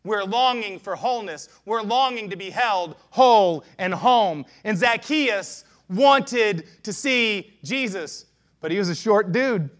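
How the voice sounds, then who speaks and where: A pastor preaching a sermon with passion, swinging between hushed lines and loud shouts. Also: male voice, high-pitched, expressive, slow.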